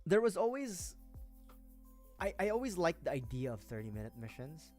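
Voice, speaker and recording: A man's voice: on the high side, big pitch swings, normal speed, darkish tone. A man livestreaming as he builds a model kit. He rambles casually, mutters to himself while he works and swears often. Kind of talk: casual rambling stream chat. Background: faint background music.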